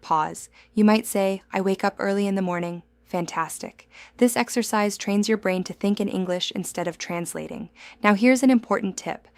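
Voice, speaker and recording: Woman reading out a language lesson, slow and clear, very dry close sound, middle pitch. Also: no room sound. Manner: clear, measured, instructive, encouraging. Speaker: English teacher.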